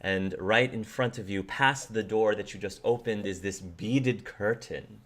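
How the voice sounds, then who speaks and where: A man's voice: lowish voice, unhurried. A man acting as game master, narrating scenes loosely and descriptively, with frequent restarts.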